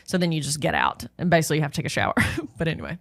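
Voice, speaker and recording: A woman's voice: deep voice, big pitch swings, rapid-fire, creaky, no room sound, studio quality. A woman co-hosting a podcast, telling stories in casual chat, full of "like" fillers. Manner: chatty, storytelling with lots of "like" fillers. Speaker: podcast co-host.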